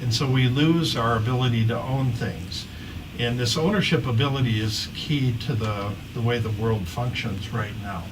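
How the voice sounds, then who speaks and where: Distant man asking a panel question. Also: mid-range voice. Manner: halting, repeats words. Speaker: panel moderator. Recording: distant mic, noisy hall.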